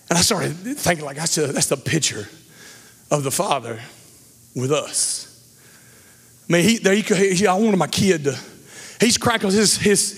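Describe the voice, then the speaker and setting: A middle-aged male pastor preaching a sermon, telling a story with lively acted-out quotes and then speaking to the congregation. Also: fairly high pitch. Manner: animated storyteller, acts out quotes loudly. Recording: long hall reverb.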